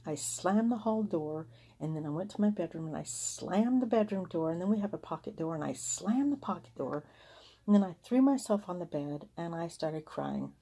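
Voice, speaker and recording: A mother telling a personal vision as a vlogger speaks in a casual, earnest, chatty way, often re-enacting heated arguments and what people said. Her voice is fairly low, expressive and dark-toned, at a moderate pace.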